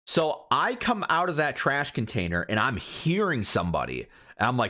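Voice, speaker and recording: A man in casual podcast chat, walking through a gaming story blow by blow. His voice is bright and forward, and his pitch moves a lot. He talks at an ordinary pitch with an easy, animated flow. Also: fairly quick. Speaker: podcast co-host.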